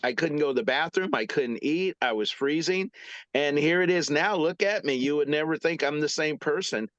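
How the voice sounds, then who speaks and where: A man's voice: fairly high pitch, fairly bright tone, no room sound. Earnest man on a dull, dry line. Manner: earnest, halting, repeats words. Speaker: guest. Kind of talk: casual chat.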